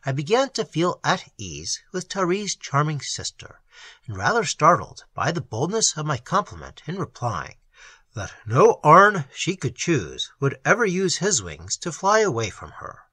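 A man narrating a classic novel as an audiobook, in a measured and expressive literary reading. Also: a little high, breathy edge, no echo.

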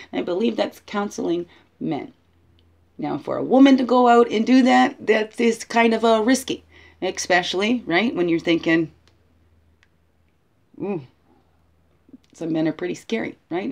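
A woman giving a casual, reflective spiritual guidance talk, thinking aloud and tagging her sentences with "right?". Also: fairly low pitch. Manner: tags many sentences with "right?". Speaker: spiritual guide.

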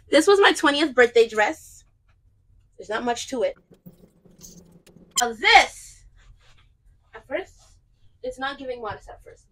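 A woman's voice: sits high, a bit bright, poor audio. A young woman chatting casually and playfully in a clothing try-on vlog, with joking asides. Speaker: vlogger.

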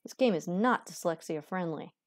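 A woman plays a video game and chats casually, joking, reading game text aloud and slipping into sudden playful voices in let's-play commentary. Her fairly low voice is expressive and moves at a normal speed, in clean studio sound with no room echo.

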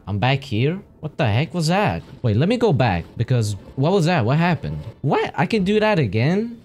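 Excitable young man over game music. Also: medium pitch. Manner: excitable, swears and exclaims often. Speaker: gaming channel host. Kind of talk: live gameplay commentary. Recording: clear game music underneath.

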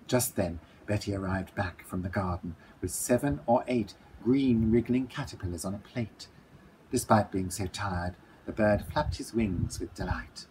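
Man narrating a children's storybook, playful and lively delivery. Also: on the low side, a little slow, slight background noise, low-quality recording. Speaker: author reading his book. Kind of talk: storybook read-aloud.

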